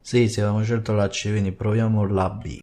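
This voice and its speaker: A man's voice: fairly low pitch, level tone, fast, dark tone, slight background noise. An Italian man casually commenting as he plays a video game, musing aloud over which choice to pick. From Italy. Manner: musing, talks through his choices. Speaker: let's play host.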